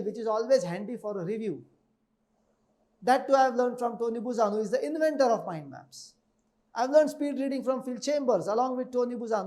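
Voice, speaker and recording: Male trainer, very high voice, emphatic webinar lecture style, repeats key figures and checks in with listeners. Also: a little mellow. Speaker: speed reading trainer.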